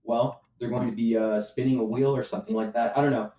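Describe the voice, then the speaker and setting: A man's voice: medium pitch, fairly even intonation, fast talker, dark tone. A man co-hosting a casual podcast chat, rambling with lots of fillers and restarts. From Las Vegas area. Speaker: podcast co-host. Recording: roomy echo.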